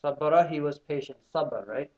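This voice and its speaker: A fairly high-voiced man leads a classroom Arabic lesson, drilling his students with call and response. The sound is muffled and lo-fi. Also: normal speed. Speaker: Arabic teacher.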